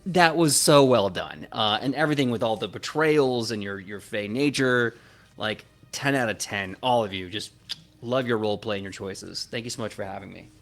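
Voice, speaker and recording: A man player hands out praise after a tabletop campaign, eager and warm in his words. He strings his thoughts together with frequent "uh" fillers. Faint music sits under his voice. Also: on the low side, moderate pace. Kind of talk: post-game wrap-up chat.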